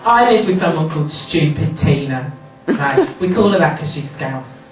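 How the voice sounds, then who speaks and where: A man's voice: fairly high pitch, lively intonation, normal speed. A man doing stand-up comedy, chatting and bantering with the crowd. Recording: echoey hall mic from far off, music.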